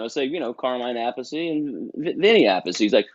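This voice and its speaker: A man chatting as a guest, telling an animated story and acting out other people's lines. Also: mid-range voice, brisk, hardly any pauses, dull audio. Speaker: guest musician. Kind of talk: casual chat.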